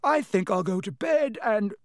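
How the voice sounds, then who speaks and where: A man's voice: sits high, lively intonation, normal speed, dry recording, studio quality, voice pushed up. A man voicing a cheeky, joking teenage boy in a storybook reading. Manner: cheeky and offhand.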